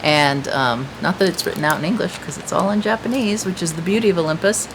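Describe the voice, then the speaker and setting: A woman's voice: fairly low pitch, quick pace, slight background noise, rough recording. A woman hosting a casual chat to viewers from a patio, talking in a chatty, rambling way with many fillers. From United States. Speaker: craft shop host. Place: outdoor patio.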